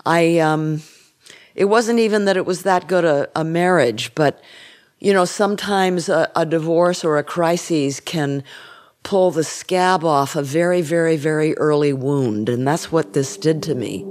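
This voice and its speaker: An older woman speaking as an interview guest, reflective and frank, with soft trailing restarts. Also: low-pitched, measured pace. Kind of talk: candid interview conversation.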